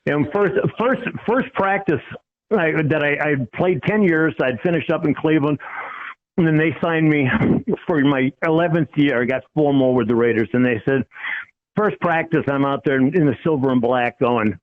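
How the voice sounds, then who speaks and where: Male storyteller, former player, higher voice, laughing through a tale, dull lo-fi clip. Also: moderate pace. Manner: laughing, animated anecdote. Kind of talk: storytelling on a sports talk show.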